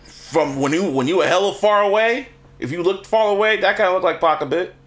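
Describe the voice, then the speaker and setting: A young man co-hosting a casual podcast chat, profane and quick to laugh. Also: sits high. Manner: laughs often, animated and profane. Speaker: podcast co-host.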